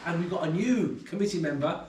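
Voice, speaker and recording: An English man with a fairly high voice chairs a club meeting in a pub room, speaking quickly. He introduces people informally and hesitantly, with lots of ums. Picked up by a far camera, the sound is roomy and distant with faint room noise.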